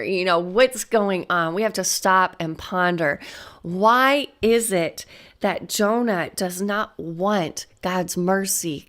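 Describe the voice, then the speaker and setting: A middle-aged woman teaching a casual Bible study, thinking aloud, asking questions and laughing lightly. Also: medium pitch. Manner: reflective, asks herself questions, laughs lightly.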